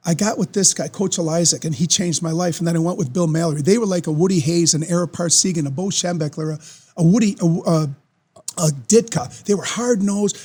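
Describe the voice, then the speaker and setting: Animated, husky-voiced older man. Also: on the high side, brisk. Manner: animated, excitable storyteller who acts out quoted voices. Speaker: podcast guest, former football player. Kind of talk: casual storytelling.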